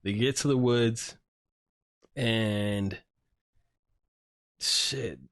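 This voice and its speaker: A podcast host recounts a story in casual chat, rambling along with plenty of filler words and swearing. His voice is on the low side with a fairly bright tone, very slow, and the recording is dry with clean studio sound.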